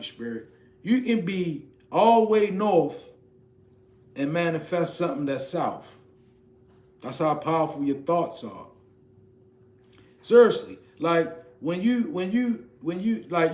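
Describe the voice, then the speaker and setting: A man delivers a spiritual message like a preacher, rising and pressing on his points in a rhythmic, emphatic way. His voice sits a little high, with quick soft asides dropped in. He is recorded in an echoey room. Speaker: spiritual reader.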